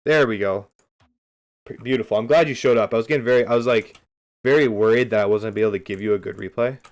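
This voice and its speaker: A man's voice: on the low side, fast talker. Rambling, upbeat male streamer. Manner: loose and rambling, talks straight to chat; upbeat, keeps saying beautiful. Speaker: streamer coaching game replays. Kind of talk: casual livestream chat.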